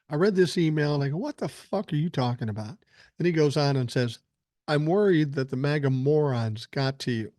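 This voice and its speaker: An older man, still getting over a cold, hosts a podcast in a mid-range, darkish voice captured in a clean studio with no room sound. He reads listener emails aloud and answers them bluntly, opinionated and swearing plenty.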